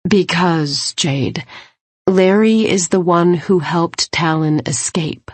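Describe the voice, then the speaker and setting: A woman's voice: lowish voice, slow, no room sound. A woman narrating a romance audiobook in the first person, earnest and questioning.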